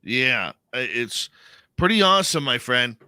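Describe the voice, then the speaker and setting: A radio host with a punchy, intensely bright voice rattles off cheerful plugs and casual banter. The sound is dry and close, with no room around it. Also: male voice, medium pitch, big pitch swings, a little slow, smooth, no room sound. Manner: upbeat, promo-style plugs and banter.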